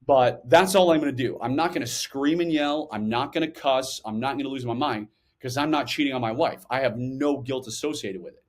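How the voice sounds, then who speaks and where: Man guest, middle-aged, storytelling, acts out quotes, medium pitch. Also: a little fast, few pauses. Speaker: guest, former intelligence officer. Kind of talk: storytelling interview answers.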